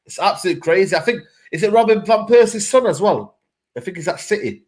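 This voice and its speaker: A man co-hosting a casual football chat on a live stream, excitable and peppering his talk with "man" and "mate". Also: sits high, fast. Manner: excitable, fills lines with "man", "mate" and "bro". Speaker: co-host, football fan.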